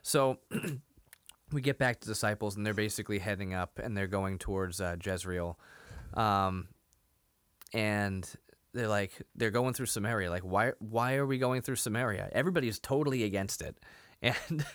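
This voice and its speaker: A man's voice: lowish voice, normal speed, fairly bright tone, no echo. A man co-hosting a podcast, casually retelling a TV episode, quoting characters and laughing often. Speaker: podcast co-host. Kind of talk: casual chat recapping a TV episode.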